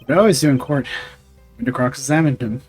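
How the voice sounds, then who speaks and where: A man doing a calm formal prosecutor, measured, mid-pitched, game dialogue. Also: faint music behind, close to an everyday voice. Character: composed, formal male prosecutor.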